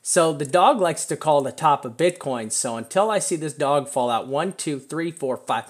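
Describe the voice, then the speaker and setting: A man hosting a live stream, talking through trading charts in a rambling, excitable way and laughing often. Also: fairly high pitch, moderate pace. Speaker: crypto chart analyst host.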